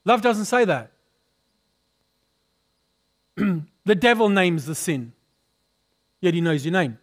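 A male pastor preaching a sermon who keeps putting questions to the congregation and asking for an amen, clearing his throat now and then. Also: high voice, sing-song, a little slow, pauses often. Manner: calls for responses from the congregation, often asks questions.

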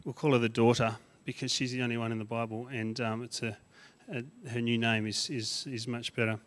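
A conversational preacher who swings loud and soft. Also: male voice, medium pitch, little pitch movement, a little fast. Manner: conversational preaching, rising loud on emphatic lists, dropping quiet on asides. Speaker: guest preacher. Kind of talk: sermon.

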